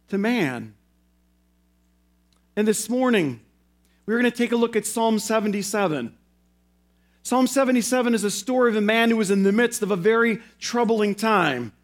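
A male pastor preaching a sermon in an earnest way, slowing down and repeating phrases for emphasis. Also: high voice.

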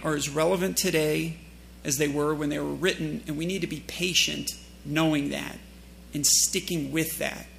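Gravelly-voiced man preaching a sermon. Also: a little high, a bit bright, a little hiss or hum. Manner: asks the congregation questions, joking asides.

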